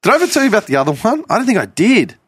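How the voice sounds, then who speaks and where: A man hosting a podcast, telling a story in an animated, casual way with some swearing. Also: high-pitched, husky, dry recording, studio quality. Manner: animated, swearing, quick bursts of laughter. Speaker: podcast host.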